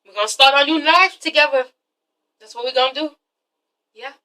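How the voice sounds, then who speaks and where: A woman quoting a tender young man who speaks softly about a new home together. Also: high-pitched, brisk. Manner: soft, hushed, sweet.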